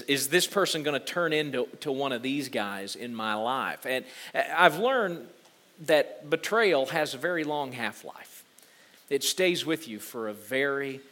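A man in his forties, a pastor, preaching a sermon and telling a personal story in an earnest way, with halting restarts. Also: mid-range voice, bright, forceful tone.

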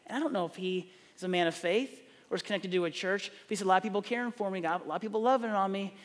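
A man's voice: high voice, very fast, long reverb tail. A middle-aged man, preaching a sermon, telling stories and acting out the dialogue. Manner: animated storytelling, acts out dialogue. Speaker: pastor.

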